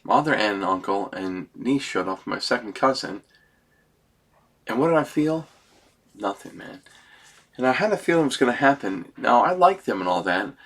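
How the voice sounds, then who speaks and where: A man's voice: medium pitch, expressive, normal speed, pauses often, a bit bright. A middle-aged man talking through a personal vlog monologue, rambling and emotional, close to tears and ending many sentences with "man.".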